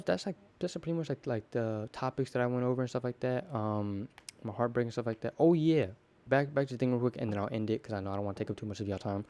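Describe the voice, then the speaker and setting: A man's voice: medium pitch, warm tone. A teenage boy hosting his own podcast, talking off the cuff in a rambling way, repeating words and acting out bits of dialogue. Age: teens. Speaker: podcast host. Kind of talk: casual solo podcast monologue.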